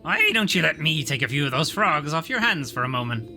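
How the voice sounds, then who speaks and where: A sardonic woodland witch from a video game, dry and needling. A man plays her close to his own voice, and it comes out bright and lively, lifted a little above his normal tone. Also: on the high side, brisk, soft background music, voice pushed up, full character voice. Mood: teasing.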